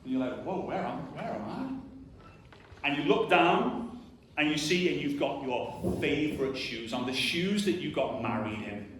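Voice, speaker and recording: A man's voice: mid-range voice, lively intonation, normal speed, a bit bright, slight background noise. A man in his thirties giving an earnest, emphatic motivational talk to an audience, often saying "like" and acting out little voices. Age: 30s. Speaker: conference speaker. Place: large hall before an audience. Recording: echoey hall, distant mic.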